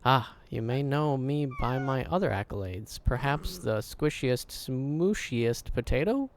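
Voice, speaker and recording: A man reading game dialogue aloud, voicing an excitable, childlike talking dog in a bubbly, pleading way. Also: medium pitch, normal speed, a little hiss or hum, close to an everyday voice. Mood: eager.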